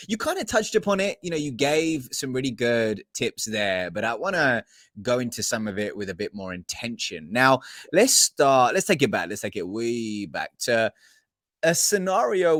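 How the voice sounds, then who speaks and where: A man hosting a podcast interview, asking questions and building scenarios in an animated, emphatic way. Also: mid-range voice, dry recording, studio quality. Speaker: podcast host.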